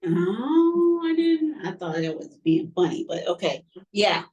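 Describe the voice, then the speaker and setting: A woman's voice: mid-range voice, big pitch swings, measured pace, a little mellow, dull audio. A woman co-hosting a podcast, chatting casually and chiming in. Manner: chatty, laughing interjections. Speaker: podcast co-host. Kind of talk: casual chat.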